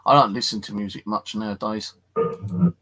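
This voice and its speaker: A tired man streaming late at night from his flat, telling a rambling, sweary story and chatting to viewers. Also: lowish voice, moderate pace, a little hiss or hum, rough recording. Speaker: paranormal live streamer. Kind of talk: casual late-night live stream chat.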